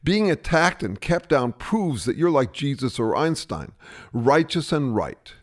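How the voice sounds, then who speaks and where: A man playing a smug, hypocritical bully who brushes off every charge and turns it back on the other person. His pitch swings widely as he blusters and lectures, sure he is always right. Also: big pitch swings, a little slow. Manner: blustering, dismissive, self-righteous. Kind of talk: satirical two-man sketch dialogue.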